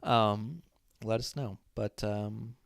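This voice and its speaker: A young man hosting a livestream podcast from his apartment, talking loudly and casually with lots of fillers, his voice tired after long streams. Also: lowish voice, fairly even intonation, slow pace, creaky, no room sound, studio quality. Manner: loud, chatty, lots of fillers. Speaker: streamer host. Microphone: wearing noise-canceling headphones.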